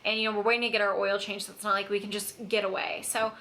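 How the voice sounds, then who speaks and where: Bright-voiced young woman telling a story. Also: medium pitch, level tone, quick pace. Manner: chatty, filler-heavy, lots of "like". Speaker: vlogger. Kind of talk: storytime vlog.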